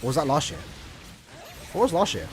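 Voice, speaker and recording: A man's voice: fairly high pitch, very animated, fairly quick, faint music behind. A young man casually chatting to his viewers while playing a mobile game, rambling and restarting his sentences. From Ireland. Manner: rambling, restarts often, talks to chat. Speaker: streamer. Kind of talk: casual gaming livestream chat.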